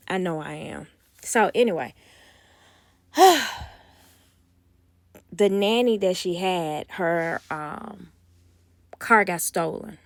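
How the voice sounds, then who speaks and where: A woman telling a casual storytime, acting out quoted dialogue with animated gossipy energy, close to a phone mic. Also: fairly low pitch, slow, pauses often, no room sound. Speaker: nanny vlogger.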